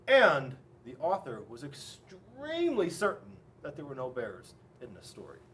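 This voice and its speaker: A man's voice: medium pitch, measured pace, far from the mic, slight background noise. A man, a police officer, reading a children's picture book aloud in a playful, exaggerated way. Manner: playful, animated, exaggerated storyteller. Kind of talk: children's storybook read-aloud.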